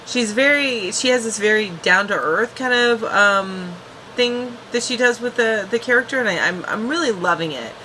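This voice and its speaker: Woman, TV reviewer; casual, rambling recap delivery, bright forward tone. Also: a little high, animated, normal speed, a little hiss or hum, poor audio. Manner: chatty, restarts and fillers.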